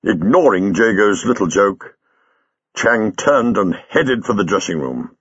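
Husky guy reading a story, dry close mic, kinda dull sound. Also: on the low side, lively intonation, a bit bright, no echo. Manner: measured storytelling. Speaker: audiobook reader. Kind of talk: scripted narration.

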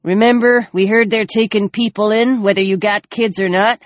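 A woman voicing a gruff, menacing male scavenger who speaks in curt, sneering bursts. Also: sits high, steady tone, moderate pace, pitched above the performer's own voice, natural voice. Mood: hostile.

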